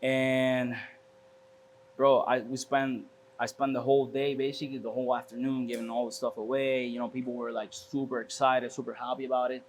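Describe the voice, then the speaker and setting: A man's voice: mid-range voice, little pitch movement, fairly quick, slight background noise. A man guest on an interview show, telling a personal story casually, stumbling and restarting and often calling the host bro. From Miami. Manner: repeats words, restarts often, says "bro". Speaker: podcast guest, shop owner.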